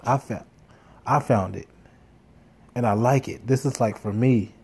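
A man's voice: medium pitch, a little slow, darkish tone, husky. A man telling a casual, rambling story, swearing often and full of fillers and restarts. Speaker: podcast host.

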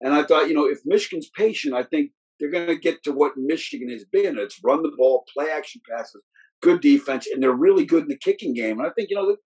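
A middle-aged man with a husky, slightly breathy voice tells stories in a relaxed, casual chat. He rambles, stopping and restarting his sentences and filling gaps with "you know". He talks like a football coach looking back. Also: fairly high pitch, a little fast, poor audio. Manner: rambling, with many restarts and fillers.

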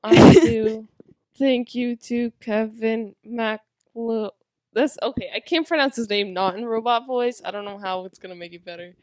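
A woman's voice: mid-range voice, fairly quick, hardly any pauses, a little mellow, dry recording, studio quality. A young woman co-hosting a casual podcast, tired and giggly, lying down as she talks. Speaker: podcast co-host. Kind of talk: casual chat. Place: small room, lying on a pillow.

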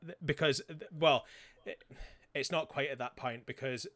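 This man's voice is medium-pitched, a bit bright and fairly even in intonation. As a podcast co-host he chats casually through a show recap, sarcastically performing the characters' lines in quick voices.

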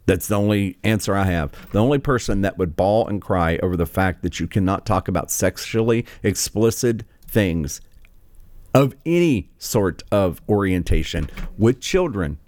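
A man with a low voice hosts a political commentary rant, his tone sarcastic and scornful. His pitch swings widely as he mocks and scoffs. The sound is dry and close. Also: animated, moderate pace, darkish tone, dry recording. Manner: sarcastic, scornful, filler-heavy. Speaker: commentary show host.

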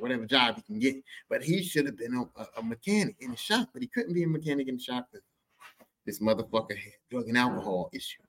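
Animated, cussing male storyteller. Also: mid-range voice, breathy edge. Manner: animated, profane, jumps into quoted voices. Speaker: podcast host. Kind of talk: casual storytelling monologue.

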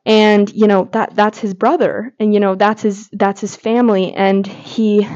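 A woman's voice: mid-range voice, flat delivery, unhurried, a little mellow. Woman host, casual gushing fan commentary, medium voice, dull lo-fi recording. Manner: gushing, heavy filler words. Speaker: podcast host. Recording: slightly dull lo-fi audio.

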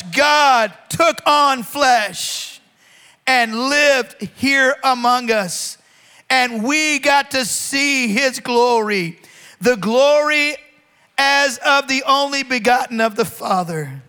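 His voice is very high as he preaches, a pastor alternating long, slow emphasis with sudden outbursts and prompting his congregation to respond.

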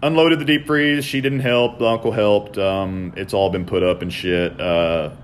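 A man, chatting casually on a podcast and telling stories in a profane, animated way. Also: fairly low pitch, moderate pace, a little hiss or hum. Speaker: podcast co-host. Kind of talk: casual chat.

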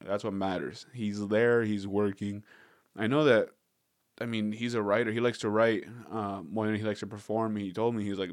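Young man, podcast host, casual rambling, swears, lowish voice. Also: little pitch movement, moderate pace, no room sound, studio quality. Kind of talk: casual comedic podcast chat.

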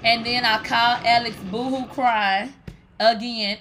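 A woman with a high, bright voice chatting on her live stream. She rambles through stories to her viewers, full of "like" and profanity, and keeps addressing them as "bitch". Her talk is loose and animated. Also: measured pace. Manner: animated, profane, swears and calls listeners "bitch" often; rambling, with many fillers like "like". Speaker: livestream host. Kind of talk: casual storytelling to viewers.

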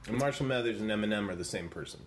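A man's voice: lowish voice, racing, a little hiss or hum. A man co-hosting a comedy podcast with his brother, rambling in a playfully confused way. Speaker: podcast co-host. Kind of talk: casual comedic chat.

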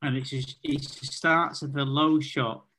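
A man's voice: mid-range voice, steady tone, takes it slowly, sharp tone, a little hiss or hum. A man on a podcast, describing an imagined scene in vivid detail, full of "like" and "kind of.". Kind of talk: casual comedic chat.

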